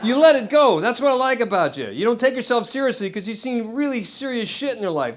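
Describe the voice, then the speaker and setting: Middle-aged American male comic, high-pitched voice, blunt and rambling, stand-up set on a club stage. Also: lively intonation, fairly quick. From United States. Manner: blunt, rambling storytelling with restarts. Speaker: stand-up comedian.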